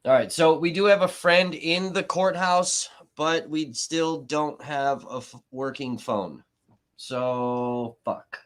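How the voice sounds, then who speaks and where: A man's voice: on the high side, fairly even intonation, takes it slowly, fairly bright tone. Profane, rambling male live streamer. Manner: profane, rambling, sarcastic, with frequent restarts. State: sniffly from allergies. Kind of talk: casual live stream commentary.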